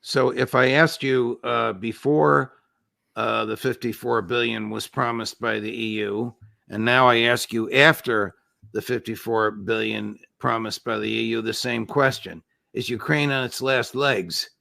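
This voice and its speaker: A man hosting an interview, asking probing questions with hesitant phrasing and filler pauses. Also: medium pitch, fairly even intonation, gravelly, sharp tone, no echo, studio quality. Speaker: interviewer, host.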